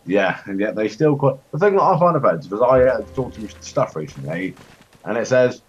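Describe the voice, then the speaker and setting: Rambling man, husky, lo-fi. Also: very animated, fairly quick. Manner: rambling, joking, jumps to high-pitched outbursts. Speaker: co-host of a gaming chat show. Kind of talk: casual chat while playing a strategy game. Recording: dull lo-fi home recording.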